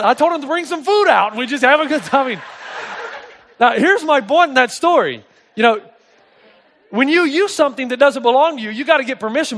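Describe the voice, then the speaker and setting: A male pastor with a notably high voice delivers a sermon. He is middle-aged and tells his anecdotes with animation, dropping into the voices of the people he describes. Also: fairly bright tone.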